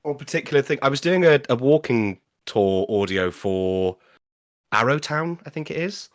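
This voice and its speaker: A man's voice: mid-range voice, animated, moderate pace. A man co-hosting a live-streamed chat, chatty and hedging what he says. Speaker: podcast co-host, voice actor.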